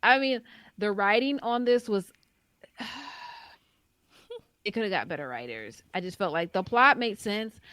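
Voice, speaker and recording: A woman's voice: lowish voice, fairly bright tone, dry recording. A woman co-hosting a movie podcast, giving blunt opinions in casual chat with lots of "like". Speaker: podcast co-host.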